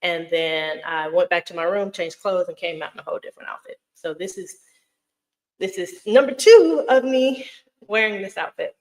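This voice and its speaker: A woman's voice: fairly low pitch, normal speed, poor audio. Middle aged lady doing a casual livestream, chatty, lots of ums and restarts, laughs a lot. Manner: chatty and effusive, greets viewers by name, laughs often; rambling with many fillers and restarts. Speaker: vlogger hosting a live Q&A. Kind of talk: casual live-stream chat.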